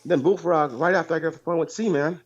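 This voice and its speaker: High-voiced rambling male caller. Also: fast talker, highs cut off. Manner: rambling, profane, repeats himself. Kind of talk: rambling call-in storytelling.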